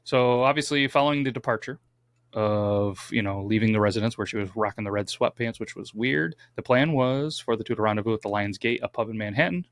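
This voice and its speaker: A man co-hosting a casual true crime podcast reads the case notes aloud and drops in wry asides. His lowish voice moves briskly, with no room sound.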